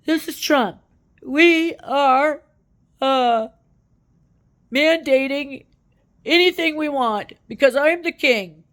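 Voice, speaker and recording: A woman's voice: high voice, slow pace, long pauses, a bit bright, pitched above the performer's own voice. A woman putting on a pompous, boastful older male politician who rambles and repeats himself. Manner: pompous, self-important, repetitive.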